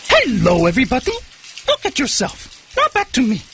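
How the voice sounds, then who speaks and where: A high, squeaky furry male monster, bouncing wildly up and down in pitch with eager, sing-song glee. It is a comic puppet parody. A faint hiss sits under the played clip. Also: huge pitch swings, moderate pace, vocal fry, fairly bright tone, full character voice. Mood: gleeful.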